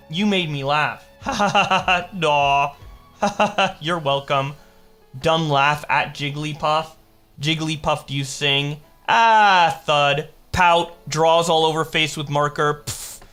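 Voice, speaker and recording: A young man with a fairly high, bright and forceful voice reads chat logs aloud for a commentary video. He delivers them mockingly and jumps into quick exaggerated voices for the quoted lines. Faint music plays underneath. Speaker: commentary host.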